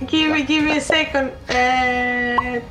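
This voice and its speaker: A woman's voice: high-pitched, steady tone, slow pace, echoey room, loud music behind the voice, rough recording. A woman playing a tabletop game over a video call, giggling and thinking aloud as she counts her rolls. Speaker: player.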